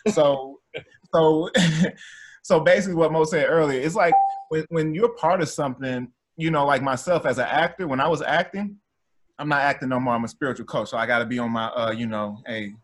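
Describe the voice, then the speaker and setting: A man who coaches spirituality, talking in a casual chat, amped and animated, laughing often. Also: fairly high pitch, normal speed. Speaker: spiritual coach and former actor.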